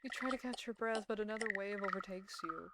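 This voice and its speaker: A woman's voice: medium pitch, fast talker, heavy background noise. A young woman streamer reading a horror visual novel aloud, dramatic narration broken by giggles and reactions. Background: game music.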